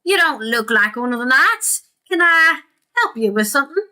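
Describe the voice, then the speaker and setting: A woman reading out the lines of a defiant, armored rebel woman from a game, pitched a little above her normal voice. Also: sing-song, normal speed, sharp tone, exaggerated voice. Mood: indignant. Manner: read aloud from game text, raised pitch.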